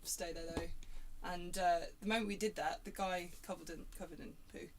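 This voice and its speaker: A woman's voice: fairly low pitch, fairly quick. A woman in casual chat, telling a story with lots of laughter and fillers. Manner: chatty, laughing, many fillers and restarts. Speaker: band member chatting on a stream. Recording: background noise.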